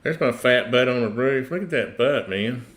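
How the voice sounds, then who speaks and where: A man's voice: mid-range voice, expressive, moderate pace, fairly bright tone, a little hiss or hum. A middle-aged man with a Tennessee accent hosting a casual livestream, rambling, chuckling and trailing off mid-sentence. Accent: Tennessee Southern US. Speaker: host.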